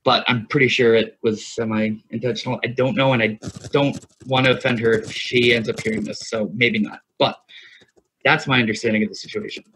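Rambling, bright, husky-voiced man. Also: medium pitch, fairly even intonation, fairly quick. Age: 30s. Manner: rambling storyteller, swears freely, laughs often. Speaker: podcast co-host. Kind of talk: casual chat. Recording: single USB mic, lo-fi.

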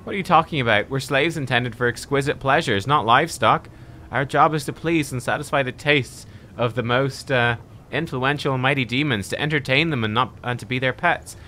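A man's voice: mid-range voice, fairly quick, pushed and bright, slight background noise, close to an everyday voice. A man reading the lines of a naive young female slave in a game, in an earnest, indignant manner.

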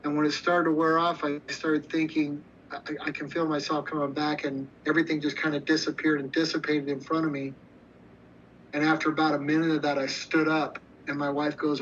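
A fairly high, a bit bright voice with little pitch movement delivers a brisk, casual story. The man, appearing as an interview guest, is blunt and profane, rambles and keeps restarting, and the audio comes through slightly muffled with faint noise.

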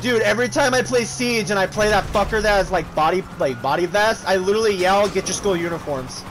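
A young man casually commentating a multiplayer game with friends, loud and excitable, swearing often and breaking into shrieking laughs. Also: sits high, fast talker, music in the background. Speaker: gaming streamer.

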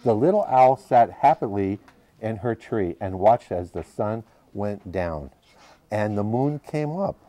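A man's voice: lowish voice, expressive, a little slow, mellow. A man reading a picture book to children at a library, patiently asking the children questions as he goes. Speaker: library storytime reader.

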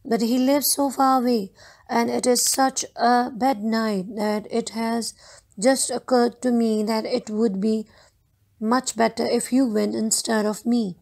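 A woman's voice: fairly high pitch, steady tone, a little slow, vocal fry, a little mellow, poor audio. A woman reads the lines of a selfish miller in a storybook tale. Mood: wheedling. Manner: wheedling, self-serving. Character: selfish grown man, a miller.

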